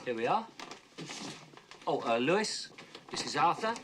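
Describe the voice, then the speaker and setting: A brisk man shows newcomers to their beds. His voice rises and falls in a lively way, fairly high for a man. He sounds a bit far from the mic, with faint noise underneath. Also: exaggerated voice. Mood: welcoming.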